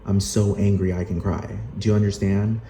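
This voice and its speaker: A heated, profane rant from a man with a lowish voice, repeating himself and keeping on asking whether you understand. The room rings with echo, and steady noise sits underneath. It is loud and restless throughout. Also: moderate pace. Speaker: vlogger. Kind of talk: angry ranting vlog. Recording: echoey room with noise behind.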